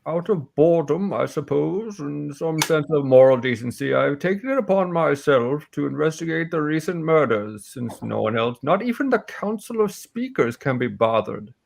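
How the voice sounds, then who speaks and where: A man voicing a gruff, blunt old female warrior who speaks slowly and haltingly. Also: on the high side, animated, slight background noise, voice pushed up. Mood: scornful.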